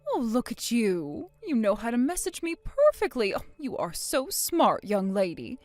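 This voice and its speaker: A woman voicing a calm, shrewd grandmother who soothes a child and needles her son-in-law. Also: fairly high pitch, measured pace, no room sound, soft background music. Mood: caring.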